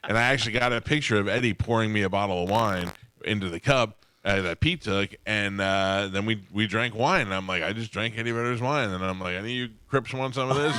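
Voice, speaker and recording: A man's voice: lowish voice, fast, heavy background noise. A man hosting a radio show, telling rambling self-deprecating stories in casual studio chat and laughing often.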